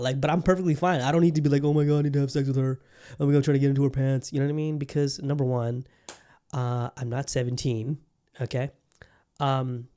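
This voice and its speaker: A man's voice: medium pitch, mellow. Profane laid-back male podcast host. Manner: loose and profane, many fillers and restarts. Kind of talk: casual solo podcast monologue.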